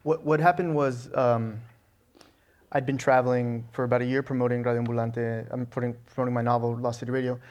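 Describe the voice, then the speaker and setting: A man's voice: mid-range voice, fairly quick. A middle-aged man from Alabama, a novelist answering interview questions with lots of restarts and "you know"s. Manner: animated storyteller with frequent restarts and "you know". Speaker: guest, novelist.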